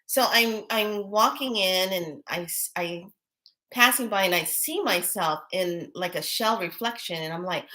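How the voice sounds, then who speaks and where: A woman's voice: lowish voice, unhurried, pushed and bright. A middle-aged woman, a priestess, telling a personal story in casual chat, breathless and full of wonder-struck exclamations.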